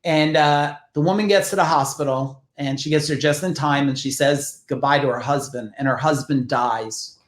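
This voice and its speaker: A man's voice: a little high, steady tone, normal speed, hardly any pauses, roomy sound. A man from New Jersey telling stories from his business as a podcast guest, casual and emphatic, swearing freely and acting out the people he quotes. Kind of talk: casual storytelling.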